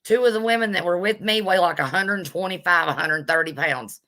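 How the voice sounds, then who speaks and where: A woman with a bright, forceful voice rants bluntly with plenty of sass. Her tone is indignant as she runs a live vlog commentary and stops to greet her viewers. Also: fairly low pitch, brisk. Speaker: vlogger.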